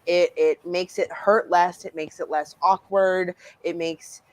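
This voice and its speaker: A woman from Canada, an author, talking casually in an interview with animated delivery, laughing and acting out quoted voices. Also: on the low side, a little slow, no echo, rough recording. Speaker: author guest.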